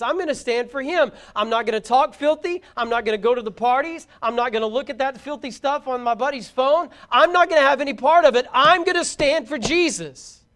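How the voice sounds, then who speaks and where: A man with a very high-pitched voice preaches a fervent sermon. He is middle-aged and calls out his exhortations to his young listeners. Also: a bit bright.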